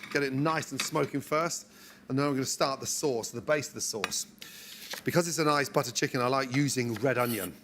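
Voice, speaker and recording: Male chef, mid-pitched voice, relaxed step-by-step cooking demo, clear kitchen clatter behind. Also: a little fast, noisy background. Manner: relaxed, encouraging, talks through each step. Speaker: chef demonstrating a recipe. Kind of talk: cooking show demonstration.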